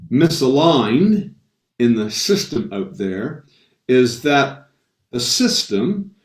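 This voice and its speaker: A man's voice: mid-range voice, darkish tone, recorded from a distance. Man, stress coach, emphatic, repeats himself, roomy echo, set back from the mic. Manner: emphatic, repeats key phrases, many restarts. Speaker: stress coach giving a talk. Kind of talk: motivational talk on a live stream.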